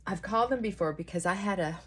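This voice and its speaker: A woman's voice: medium pitch, quick pace, breathy edge. A middle-aged woman chatting earnestly and giving advice while doing her makeup.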